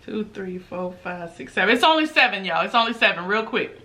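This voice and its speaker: Bright, chatty woman eating on camera. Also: mid-range voice, animated, brisk. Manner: chatty, laughs often, talks between bites. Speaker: mukbang host. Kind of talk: casual chat while eating.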